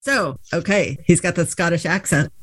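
A woman's voice: lowish voice, normal speed, a bit bright, slightly rough. A woman hosting a casual interview, eagerly prompting her guest and laughing along. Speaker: host.

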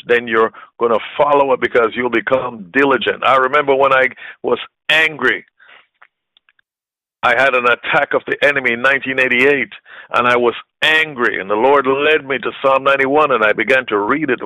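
A man's voice: mid-range voice, dry recording, rough recording. A man preaching a sermon with impassioned, emphatic delivery and repeated phrases. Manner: impassioned, rising to shouted peaks.

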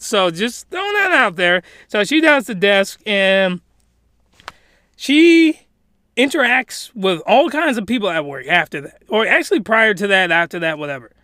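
A man excitedly recapping a story in casual chat, laughing and rambling with many restarts. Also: sits high, dry recording, studio quality. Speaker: video commentator.

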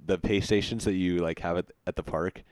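Podcast guest, male, very low voice, easygoing and quick to laugh, dry close sound. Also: fairly even intonation, a little mellow, no room sound. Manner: easygoing, laughs often, chimes in with short replies. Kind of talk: casual podcast chat.

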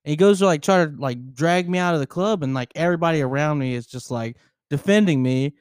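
A man's voice: on the high side, quick pace, smooth, no room sound. A man co-hosting a casual podcast, telling a story with laughs and lots of swearing, on a close microphone. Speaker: podcast co-host. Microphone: close studio microphone.

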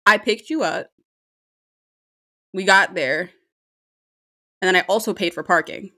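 A young woman telling a story about a date in a casual monologue, lively and profane, laughing often. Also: medium pitch, unhurried. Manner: animated, swears freely, laughs often.

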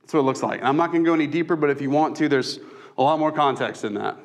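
A man's voice: on the high side, very fast. Joking man preaching a sermon. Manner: conversational, self-deprecating humor. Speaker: pastor.

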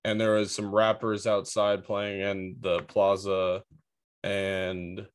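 A man's voice: on the low side, completely flat delivery, takes it slowly, clear, resonant tone. A young man telling a work story in a casual podcast chat, rambling and full of filler words. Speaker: podcast co-host.

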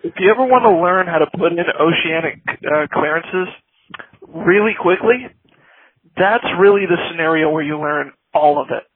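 Brief: male caller, high voice, animated storyteller, phone-line audio with light hiss. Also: moderate pace, husky, no room sound. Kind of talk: casual chat.

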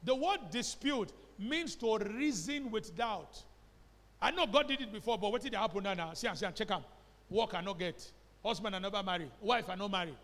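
Man, Nigerian accent, pastor, emphatic sermon, fairly high voice, lingering hall reverb. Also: lively intonation, moderate pace, a bit bright. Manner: emphatic preaching with call-and-response questions; slips into Pidgin phrases. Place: church hall.

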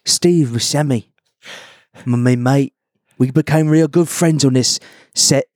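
A man putting on a cocky, swaggering rock-star actor with an overdone British accent. He sits a little higher than a plain man's voice and sounds a bit set back from the mic. He brags in a dry, dead room. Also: big pitch swings, moderate pace, no room sound. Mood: boastful.

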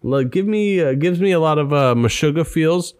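A man's voice: on the high side, animated, moderate pace, a little mellow, dry recording, clean studio sound. A man co-hosting a casual podcast, chatting in joking, profane banter. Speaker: podcast co-host. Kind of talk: casual chat.

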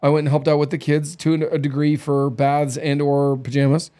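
A man's voice: fairly high pitch, level tone, normal speed, warm tone. A man in his thirties co-hosting a casual chat, telling candid stories with lots of acted quotes. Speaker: podcast co-host.

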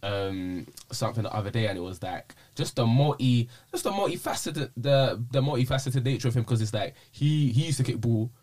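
A man's voice: medium pitch, expressive, brisk, few pauses, a little mellow. A man hosting a podcast in casual chat, restarting his sentences as he searches for words. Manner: chatty, repeats words while searching for phrasing. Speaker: podcast host.

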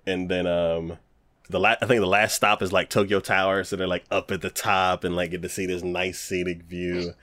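A man in casual chat recapping a show, an animated storyteller who acts out characters and laughs often. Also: low voice, normal speed, dry recording. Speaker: podcast co-host recapping an anime.

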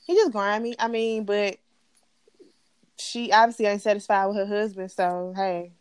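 A woman's voice: medium pitch, moderate pace, clear, resonant tone, no echo, clean studio sound. A woman co-hosting a casual TV recap chat, blunt and profane as she rants about the show. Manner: blunt, profane, animated ranting. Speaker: podcast co-host.

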